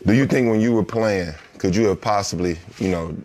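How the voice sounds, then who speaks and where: A man co-hosting a casual interview, asking a question in a relaxed, friendly way. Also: on the low side, fairly quick.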